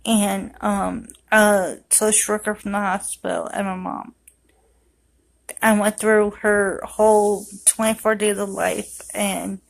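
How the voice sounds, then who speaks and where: A grieving mother telling a personal story to camera in a raw, emotional way, sometimes rushing her words. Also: medium pitch, vocal fry, low-quality recording. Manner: raw, emotional retelling, rushed bursts.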